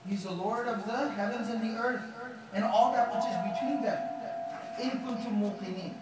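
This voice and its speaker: A man's voice: high-pitched, moderate pace, loud music behind the voice. A man preaching a sermon, acting out the lines of the figures he retells and reciting verses in Arabic. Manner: dramatizing quotes with lively retellings. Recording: very echoey hall, mic far off.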